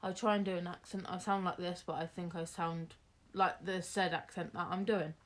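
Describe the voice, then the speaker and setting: A woman's voice: fairly low pitch, little pitch movement, moderate pace. A young woman, chatting casually through a Q&A, rambling with lots of fillers and restarts. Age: young adult. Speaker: vlogger. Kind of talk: casual Q&A chat.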